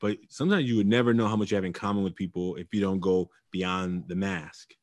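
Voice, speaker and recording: A man hosting a podcast, talking in a reflective, casual way and letting his sentences trail off softly. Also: deep voice, fairly even intonation, a little fast. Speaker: podcast host. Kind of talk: casual interview chat.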